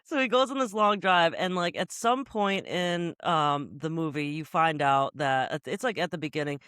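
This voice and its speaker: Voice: mid-range voice, normal speed, fairly bright tone, clear, resonant tone, no echo, clean studio sound. A podcast co-host recapping a film plot in a casual, rambling way, full of likes and ums. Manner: rambling, hesitant plot recap with fillers and laughs. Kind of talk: casual comedic film review chat.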